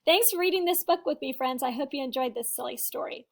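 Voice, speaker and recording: A woman, a first-grade teacher, reading a picture book aloud to young children in an expressive, sing-song way. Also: high voice, fast, vocal fry.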